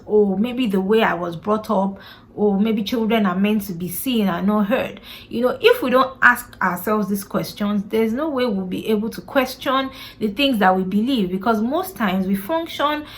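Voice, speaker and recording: A woman with a medium-pitched, fairly bright voice hosts a parenting podcast, giving casual advice to camera. She speaks earnestly and informally to listeners, often posing rhetorical questions to herself and checking in with "you know" and "right?".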